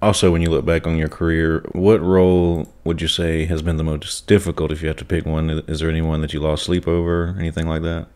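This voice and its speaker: A man's voice: very deep voice, flat delivery, brisk, few pauses, darkish tone. A man hosting a podcast, asking questions in an easygoing way and laughing along with his guest. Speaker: podcast host. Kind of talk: casual interview chat.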